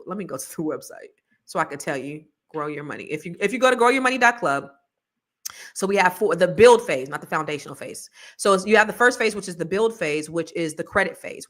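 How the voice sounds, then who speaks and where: Woman podcast host, middle-aged, chatty and off-the-cuff, lower voice. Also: a bit bright. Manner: chatty, rambling, laughs a lot, slangy. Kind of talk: casual chat with viewers.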